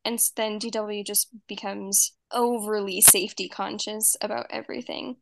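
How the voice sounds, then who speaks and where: A young woman chatting casually, retelling a story with lively energy. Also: moderate pace, creaky, noisy background. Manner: animated storyteller, acts out quoted lines in high voices. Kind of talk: casual chat.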